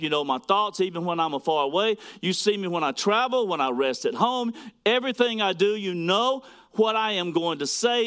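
A man preaching a sermon, swinging between loud, emphatic lines and quiet, hushed asides as he reads scripture to a congregation. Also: high-pitched. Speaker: pastor.

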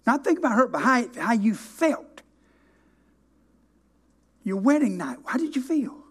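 A preacher, a man whose voice sits notably high for a man. He tells a story from the pulpit with emphatic delivery, stretching certain words out slowly for weight. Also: big pitch swings, a bit bright, breathy edge. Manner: storytelling, emphatic, with dramatic slow stresses. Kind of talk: sermon.

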